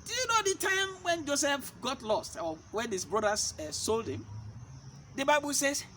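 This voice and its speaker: A man's voice: very high voice, very animated, moderate pace, pushed and bright, slight background noise. A man preaching a sermon-style teaching. He fires rhetorical questions at his listeners and hammers his points by repeating them. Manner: emphatic, repeats key points.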